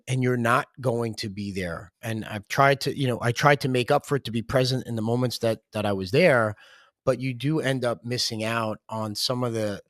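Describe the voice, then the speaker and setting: A man's voice: medium pitch, fairly bright tone, dry recording, studio quality. A man hosting a podcast interview, reflecting at length before asking his questions. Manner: reflective, asks long questions. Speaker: podcast host.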